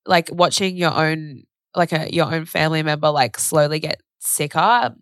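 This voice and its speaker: A woman's voice: low-pitched, moderate pace, no room sound, studio quality. A young woman, co-hosting a podcast and talking candidly and emotionally, full of "like" and the odd swear word. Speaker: podcast co-host. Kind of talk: casual chat.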